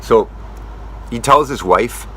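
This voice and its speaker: Foul-mouthed ranting young man, bright voice. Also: mid-range voice, slow, slight background noise. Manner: profane, swears constantly; rambling, self-correcting. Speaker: tree climber. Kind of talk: casual rant to camera.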